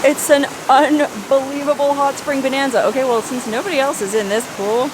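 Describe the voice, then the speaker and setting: A woman's voice: high voice, fairly even intonation, a little fast, noisy background. A woman hosting a chatty outdoor travel vlog, recorded on a forest trail by hot springs. She talks with enthusiasm, dry wit and salty humor.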